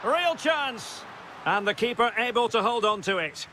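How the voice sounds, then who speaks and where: A man calling football play-by-play for a video game, in terse calls that rise into excited shouts at big moments. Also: sits high, fairly quick, slight background noise. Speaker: play-by-play commentator.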